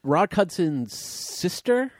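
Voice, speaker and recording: A man's voice: sits high, big pitch swings, slow, no room sound, clean studio sound. A man co-hosting a casual movie podcast, rambling a little and reading trivia aloud. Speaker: podcast co-host.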